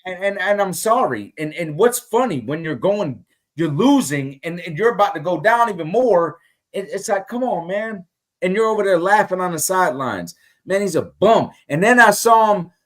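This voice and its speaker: A man co-hosting a casual sports talk show, ranting heatedly about his team. His voice sits a little high for a man. He stumbles over restarts and repeats himself, driving each point home. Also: expressive, normal speed, a bit bright. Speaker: podcast co-host.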